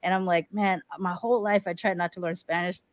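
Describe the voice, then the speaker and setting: A woman's voice: lowish voice, steady tone, a little fast, no room sound. A woman from the US West Coast hosting a podcast, telling wry stories in a casual conversational way. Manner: chatty, wry storytelling with laughs. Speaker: podcast host.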